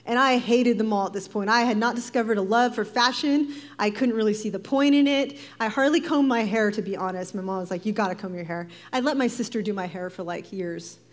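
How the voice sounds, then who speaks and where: A woman giving a devotional talk, telling a personal story in a lively, animated way, acting out voices and laughing often. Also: a little high, a little fast. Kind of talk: sermon-style personal storytelling.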